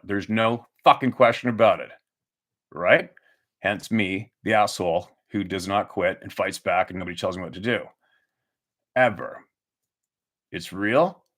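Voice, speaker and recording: A man with a fairly low, fairly bright voice hosts his own channel. He delivers an angry, profane monologue, ranting heatedly and repetitively with restarts and rhetorical questions.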